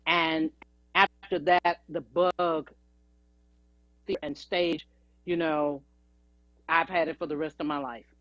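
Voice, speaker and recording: A woman's voice: deep voice, fairly even intonation, slow, long pauses, fairly bright tone, no room sound. A woman guest, a singer and actress, telling chatty, anecdotal stories in an interview. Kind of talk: storytelling interview. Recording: dry, dull lo-fi audio.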